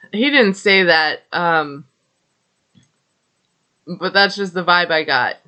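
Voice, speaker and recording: A woman's voice: medium pitch, sharp tone. A woman recapping a reality TV episode in a chatty, gossipy way, with many fillers and wry asides. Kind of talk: casual recap commentary.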